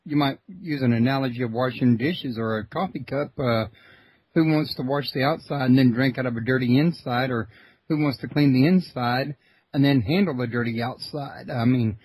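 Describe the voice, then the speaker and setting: A male host of a long-running radio show, talking in a folksy, relaxed way with plenty of fillers. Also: medium pitch, normal speed, breathy edge, no echo, low-quality recording. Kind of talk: casual interview talk.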